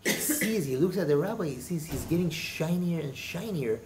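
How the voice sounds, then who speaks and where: Rabbi telling a lively story. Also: male voice, on the high side, normal speed, background noise. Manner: lively, with many fillers like "you know". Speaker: rabbi teaching a class. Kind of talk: storytelling in a lesson.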